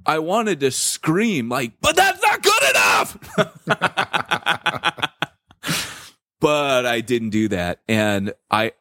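A middle-aged man co-hosting a podcast, telling a personal story in a casual, slangy, animated way full of fillers. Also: mid-range voice, no room sound, studio quality. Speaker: podcast co-host.

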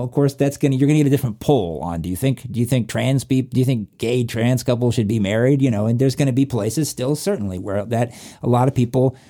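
A man's voice: mid-range voice, warm tone. A middle-aged man in casual conversation, rambling and restarting his sentences, swearing now and then. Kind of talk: casual chat.

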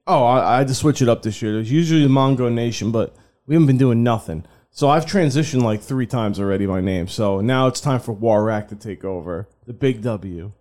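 A man's voice: mid-range voice, fairly quick, darkish tone. A man co-hosting a sports podcast, talking casually and loosely, swearing often and laughing. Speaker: podcast co-host.

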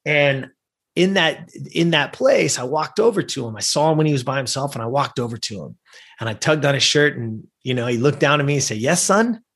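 Speaking a little fast at a medium pitch, a middle-aged guest recounts something that happened to him. His delivery is lively, and he performs the voices of each person in the tale as part of the conversation.

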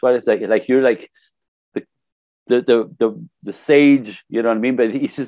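Brisk, medium-pitched speech on a dry recording comes from an older man who coaches people on life. Talking casually in an interview, he's a lively storyteller who voices the quotes he relays.

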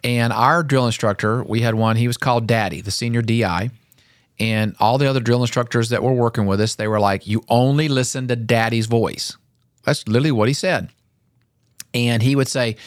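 A middle-aged man chatting casually as a co-host, telling stories with animated flair. His voice sits at an ordinary pitch. The sound is dry and close. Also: dry recording. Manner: animated storyteller, acts out drill instructors. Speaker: podcast co-host. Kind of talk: casual chat.

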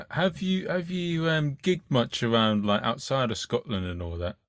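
A man hosting a relaxed chat, easygoing and quick to swear. His voice sits at an ordinary male pitch. The recording is dry with no room sound. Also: no room sound. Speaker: podcast host. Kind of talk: casual interview chat.

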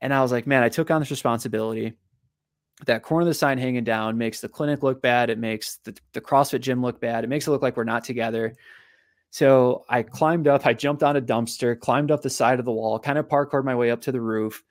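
A man, a physical therapist and author, telling a long personal story in a podcast interview, animated and often repeating his words. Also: medium pitch, a little fast, no room sound, clean studio sound.

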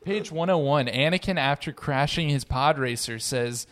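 A man's voice: mid-range voice, normal speed, fairly bright tone. A man co-hosting a podcast, casually reading book excerpts aloud and often laughing. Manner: reads quotes aloud, breaks into laughter. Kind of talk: casual chat.

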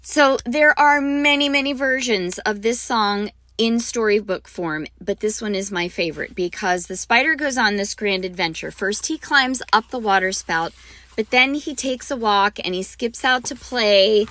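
A woman's voice: medium pitch, moderate pace, sharp tone. A woman hosting a podcast for music teachers, talking in a bubbly, gushing way with frequent ums. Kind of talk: enthusiastic teaching talk.

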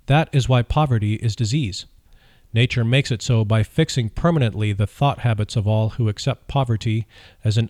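A man narrates an audiobook chapter written as a dialogue of questions and answers, reading in a measured, even way. His voice sits at a middle pitch. The recording is dry and close, with no room echo. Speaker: audiobook reader.

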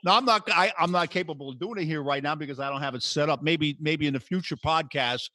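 A man hosting a podcast, telling lively stories and acting out quotes in a raised voice. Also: fairly high pitch, fast talker, dry recording. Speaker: podcast host. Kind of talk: casual storytelling chat.

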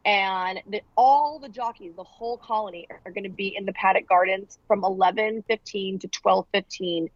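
A woman's voice: mid-range voice, moderate pace, few pauses, dry recording, muffled recording. A woman co-hosting a casual podcast, chatty, announcing upcoming track events with some fillers.

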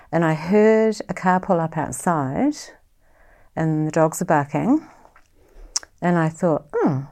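Her voice fairly low and her accent from New Zealand, a middle-aged woman recounts her own story as a guest on an interview. She speaks softly the whole way, pausing often in a thoughtful, reflective manner.

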